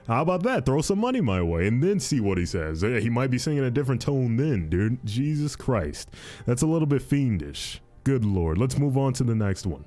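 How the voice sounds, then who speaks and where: A young man hosts a casual podcast, reacting to advice posts in a medium-pitched voice at a moderate pace, with faint music in the background. He's animated and repetitive, frequently saying "dude" and "fiendish."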